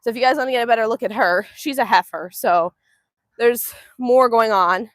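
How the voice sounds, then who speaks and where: A woman's voice: a little high, normal speed, dry recording, clean studio sound. A woman hosting a casual livestream outdoors on a farm, chatty and laughing often as she answers viewers. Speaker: homestead livestream host. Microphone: phone livestream.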